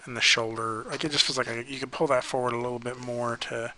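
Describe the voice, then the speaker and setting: Bright-voiced man critiquing drawings. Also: medium pitch, fast, a little hiss or hum, low-quality recording. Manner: relaxed, hesitant, many ums and likes. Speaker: art instructor giving pose feedback. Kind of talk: casual critique while sketching.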